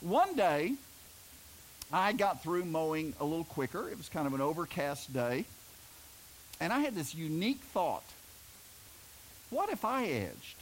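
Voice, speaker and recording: A man's voice: a little high, very animated, normal speed, pauses often, a little hiss or hum, poor audio. A middle-aged man from Oklahoma preaching a sermon, telling homespun stories and joking with the congregation. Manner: folksy storytelling, jokes with the congregation. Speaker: pastor.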